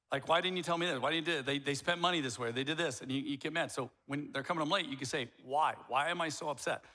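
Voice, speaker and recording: A male pastor preaching a sermon, animated and conversational, acting out both sides of arguments and swinging from hushed lines to shouts. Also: a little high.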